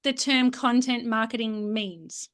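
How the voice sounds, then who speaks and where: A woman's voice: on the high side, measured pace, fairly bright tone. A woman hosting a podcast interview, upbeat and enthusiastic. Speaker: podcast host.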